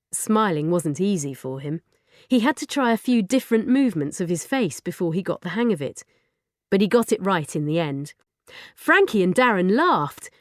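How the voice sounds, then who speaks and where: A woman narrating a children's audiobook in a lively storytelling manner. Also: lowish voice, no echo, clean studio sound.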